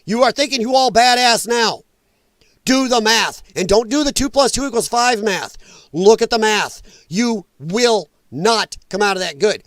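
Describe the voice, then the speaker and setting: A man with a high voice hosts a reaction commentary show, ranting angrily and repeating his points for emphasis. The sound is dry with no room around it. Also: animated, a little slow, a bit bright, dry recording. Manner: emphatic, repetitive, angry ranting.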